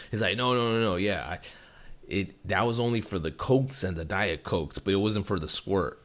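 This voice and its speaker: Telling a casual story on his podcast, the young host swears constantly and plays out the people involved with lots of animation. His voice sits low and his speed is moderate.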